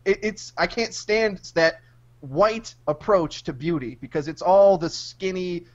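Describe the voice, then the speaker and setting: A man hosting a casual podcast, joking crudely with a deadpan delivery. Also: high voice, unhurried. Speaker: podcast host. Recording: muffled lo-fi podcast audio.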